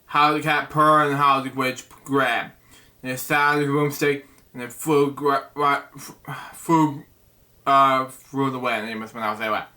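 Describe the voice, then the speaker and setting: A man hosting a bedtime story show, reading a picture book aloud in a halting way, stumbling over words and breaking off with asides. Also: medium pitch, steady tone, pushed and bright. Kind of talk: casual read-aloud with asides.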